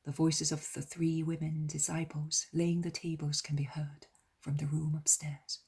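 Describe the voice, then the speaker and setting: Narrator: woman, whispered reading, very husky, low-pitched, reverent. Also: level tone, measured pace, darkish tone. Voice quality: breathy, near-whispered delivery. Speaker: audiobook narrator.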